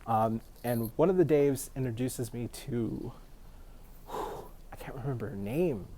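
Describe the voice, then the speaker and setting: A young man from Canada with a Canadian accent, telling a casual story with laughs and sudden loud exclamations. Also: mid-range voice, unhurried.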